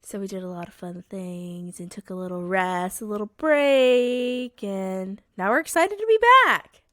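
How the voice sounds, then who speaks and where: A woman's voice: medium pitch, no room sound. Chatty woman co-host with a sick voice. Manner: chatty and bubbly, quick to laugh. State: sick, hoarse voice. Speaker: podcast co-host. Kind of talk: casual chat.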